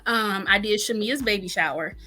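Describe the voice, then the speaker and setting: A woman guest chef telling her story in a casual interview, lively and acting out what people said. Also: mid-range voice, moderate pace. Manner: animated, acts out quoted dialogue.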